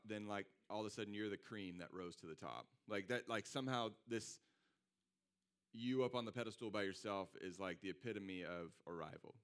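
Low-voiced man preaching with lively stories. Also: moderate pace. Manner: animated, conversational, acts out quoted friends. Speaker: pastor. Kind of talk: sermon with storytelling.

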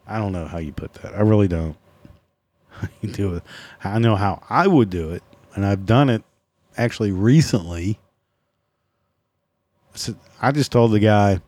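A man hosting his own podcast alone goes on a loose, profane rant, sarcastically mocking both his listeners and himself. His voice is low and mellow rather than bright, he speaks at normal speed with frequent pauses, and the recording is dry with little room sound.

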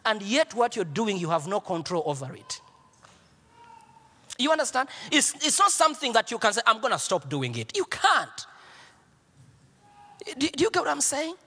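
A man preaching as pastor, telling a story with repeated lines and swinging from hushed near-whispers to shouts. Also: sits high, big-room sound. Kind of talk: sermon.

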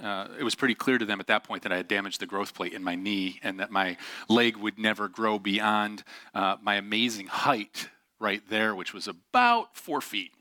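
A man's voice: fairly low pitch, animated, normal speed, pushed and bright, dry recording, clean studio sound. A middle-aged male pastor preaching a sermon, telling a personal story candidly with self-deprecating asides and plenty of fillers.

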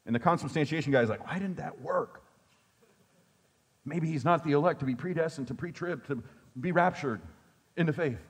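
A man's voice: on the high side, fast talker, breathy edge. A male pastor preaching a sermon in a conversational way, with joking asides to his congregation.

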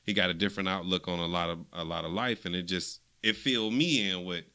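A man co-hosting a casual podcast chat, telling a long animated story and acting out what others said. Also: low-pitched, fast talker. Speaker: podcast co-host.

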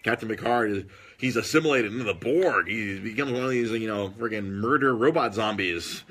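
A man telling stories in casual podcast chat, animated, with husky tone. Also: on the low side, brisk. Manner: animated storytelling with put-on quoted voices.

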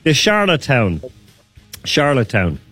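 A man's voice: mid-range voice, huge pitch swings, normal speed, a bit bright, no room sound, faint music behind. A man hosting a casual radio quiz, teasing his guests and laughing often. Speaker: quiz host.

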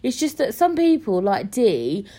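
Young woman, podcast host, blunt, sweary, fairly high voice, very lively pitch. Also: unhurried. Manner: blunt, swears a lot, animated. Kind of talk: casual chat.

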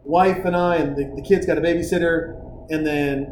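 Podcast host, male, slightly high voice, lively profane storyteller, roomy echo. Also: normal speed. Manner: profane, animated storyteller acting out quotes. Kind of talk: casual storytelling chat. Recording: roomy with faint noise.

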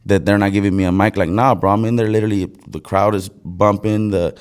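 A man's voice: on the low side, steady tone, fast, clear, resonant tone. A man who works as a DJ, talking casually on a podcast with loose, filler-heavy storytelling.

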